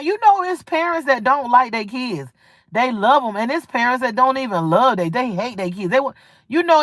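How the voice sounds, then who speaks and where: A woman's voice: fairly high pitch, a bit bright, no room sound, studio quality. A woman, hosting a livestream and talking in a blunt, rambling, profane and preachy casual monologue. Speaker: livestream host. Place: home livestream.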